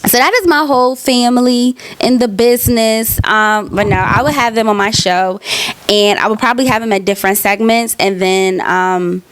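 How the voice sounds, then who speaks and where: A woman's voice: fairly high pitch, fairly even intonation, moderate pace, fairly bright tone, clear, resonant tone, no room sound. Bubbly chatty young woman. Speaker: aspiring talk show host and vlogger. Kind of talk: casual self-interview answers.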